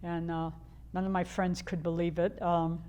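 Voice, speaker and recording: Woman, older, from the Chicago area, personal storytelling, rambling, frank, slightly low voice. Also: little pitch movement, normal speed, dark tone, smooth. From Chicago area, USA. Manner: candid and rambling, with frequent fillers and restarts. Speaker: author telling her life story.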